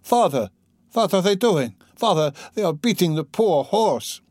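Guy putting on a scared little kid pleading for dad, high cries, dry audio. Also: lively intonation, unhurried, darkish tone, dry recording. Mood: terrified. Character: frightened little boy crying for his father.

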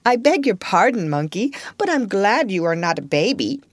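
Woman reads a grateful young girl: bright, coaxing, animated, dry close sound. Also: mid-range voice, moderate pace, no echo.

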